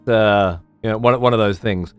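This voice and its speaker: A man's voice: lowish voice, moderate pace, clear, resonant tone, no room sound, faint music behind. A man casually commentating on a strategy game while streaming, chatty and swearing freely as he mutters to himself.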